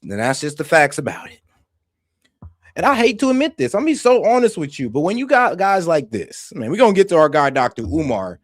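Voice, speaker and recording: A young man hosting a reaction stream, passionate and swearing, swinging between heated outbursts and calming down. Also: fairly high pitch, no echo, clean studio sound. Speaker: stream host reacting to videos. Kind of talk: heated casual commentary.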